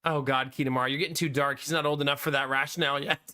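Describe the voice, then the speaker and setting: A man's voice: fairly high pitch, steady tone, brisk, bright, forceful tone. A man in his thirties chatting casually on a live stream, laughing often and answering chat.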